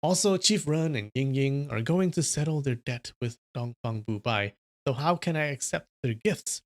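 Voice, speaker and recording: A man's voice: mid-range voice, animated, moderate pace, lightly acted. A man reading a wuxia novel aloud on a livestream, voicing a carefree, polite young male sect headmaster in earnest, courteous tones.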